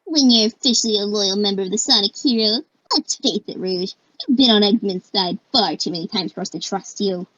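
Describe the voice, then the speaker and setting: A woman's voice: medium pitch, brisk, a bit bright, no echo, dull audio, voice pushed down, lightly acted. A woman voicing an earnest young male fox inventor in an amateur fan dub, eager and explanatory.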